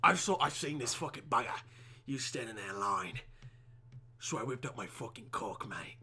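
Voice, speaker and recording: A man's voice: medium pitch, animated, normal speed, sharp tone, slightly rough, pitched below the performer's own voice, heavily acted. A man doing a crude, boastful British bloke. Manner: swaggering, vulgar storytelling.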